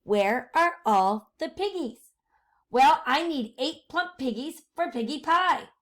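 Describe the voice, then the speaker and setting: A woman's voice: high voice, animated, slow, pitched above the performer's own voice. A woman voicing a cranky old female witch who screeches and hurls bossy insults, read aloud from a storybook. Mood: demanding.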